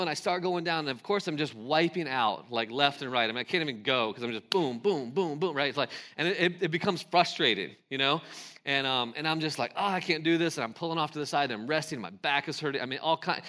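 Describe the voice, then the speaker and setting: A man's voice: a little high, a little fast. A man in his forties preaching a sermon, telling a funny personal story with laughs and acting out the other people's lines. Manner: animated, laughing, acts out quoted voices. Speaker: pastor.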